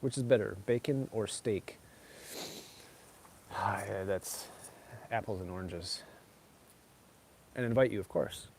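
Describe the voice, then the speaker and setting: A middle-aged man answers his viewers in a loose, rambling casual chat, padding sentences with "like" and "you know." His voice is lower-pitched, dark and mellow, slow and full of pauses, with a little hiss or hum in the recording.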